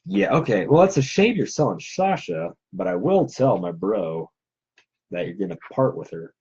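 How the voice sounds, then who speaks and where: A husky male cosplayer rambles in a casual, self-deprecating way, his pitch swinging up and down a lot. The sound is dull and lo-fi. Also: very animated, normal speed, darkish tone. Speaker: cosplayer and prop maker. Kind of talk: casual chat.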